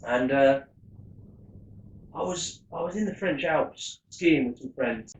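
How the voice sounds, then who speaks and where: A man, telling stories in a chatty, animated way on a rum tasting vlog. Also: mid-range voice, slow, dull audio. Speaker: rum vlogger. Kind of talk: casual tasting vlog storytelling. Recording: echoey room.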